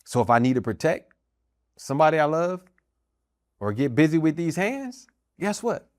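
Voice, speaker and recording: A middle-aged American army veteran and minister, hosting his podcast, tells his own story in an earnest, emphatic voice that repeats key phrases for emphasis. He speaks on the high side, very animated, at normal speed, in clean studio sound with no room noise.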